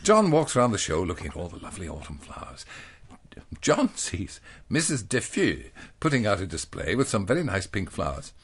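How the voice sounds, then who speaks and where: A man's voice: deep voice, wildly swooping pitch, normal speed, slightly rough. A man reading a parody children's story aloud in a mock-earnest, playful manner.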